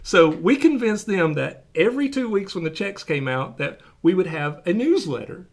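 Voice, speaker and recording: A man's voice: high voice, expressive, moderate pace, gravelly. A man telling a long, rambling personal anecdote to his podcast co-hosts, checking in with frequent "right?" asides. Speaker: podcast co-host. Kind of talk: casual storytelling chat.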